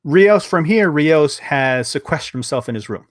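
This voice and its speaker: A man's voice: fairly high pitch, lively intonation, normal speed, no echo, clean studio sound. A man hosting a casual podcast review of a TV episode, rambling along with lots of fillers, restarts and swearing.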